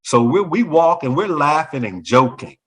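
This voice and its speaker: A man's voice: on the high side, moderate pace, poor audio. A man and former school principal telling a personal story in a talk show conversation, acting out other people's lines as he goes. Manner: animated, acts out other people's voices in quotes.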